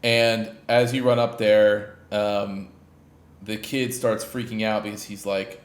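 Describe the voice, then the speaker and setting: A man's voice: lowish voice, flat delivery, slow pace. A man hosting a gaming podcast, casually recapping a game in a rambling way, in a roomy echoey space. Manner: rambling, lots of fillers and restarts. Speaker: podcast host. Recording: roomy echo.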